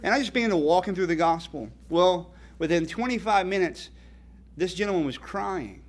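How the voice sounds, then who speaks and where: Man, ministry founder at a banquet, emphatic preaching speech, slightly high voice. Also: lively intonation, normal speed. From North Carolina. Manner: earnest, emphatic, rhetorical questions. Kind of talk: dinner speech with preaching stories. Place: banquet hall.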